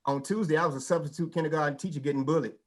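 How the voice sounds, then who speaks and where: Male stand-up comic, high voice, animated storytelling, vernacular delivery. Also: racing. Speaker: stand-up comedian. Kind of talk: stand-up comedy set.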